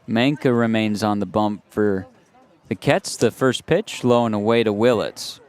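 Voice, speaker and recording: A man doing radio play-by-play of a baseball game, calm and steady, rising to excited shouts on big plays. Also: on the low side, a little slow. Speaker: play-by-play announcer.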